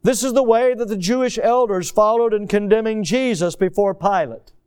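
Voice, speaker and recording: Pastor, male, higher voice, smooth and resonant, earnest sermon delivery. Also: darkish tone. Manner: earnest preaching, slows for emphasis on key phrases.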